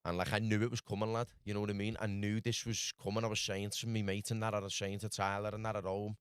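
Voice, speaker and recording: A man's voice: on the low side, little pitch movement, fast, smooth, no echo, studio quality. A man from Liverpool with a Scouse accent, telling a rambling travel story as a podcast guest and saying "lad" over and over. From Liverpool, England. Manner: rambling, full of "lad" and "do you know what I mean". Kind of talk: casual storytelling.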